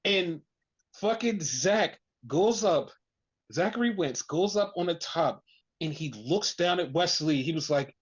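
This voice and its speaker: A podcast host recapping wrestling in casual chat, telling it in an excited, profane way with lots of "like" fillers. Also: mid-range voice, measured pace, husky. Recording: dull lo-fi recording.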